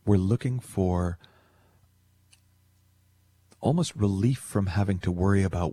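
A man hosting a radio call-in show, talking earnestly and reflectively and slowing down for emphasis. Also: deep voice, expressive, dark tone, breathy edge. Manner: earnest, storytelling, slows for emphasis. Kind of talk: reflective radio talk on love.

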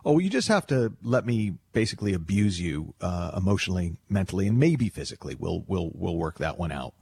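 A man's voice: sits low, very animated, brisk, gravelly, darkish tone, a little hiss or hum, full character voice. A man voicing a pushy male pizza delivery guy who talks breezily and offhandedly. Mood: brash.

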